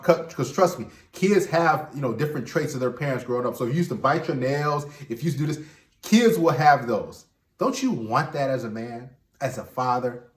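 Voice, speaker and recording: A man talking straight to viewers in an emphatic casual monologue, often repeating words as he restarts. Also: a little high. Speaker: relationship commentator and host. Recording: echoey room.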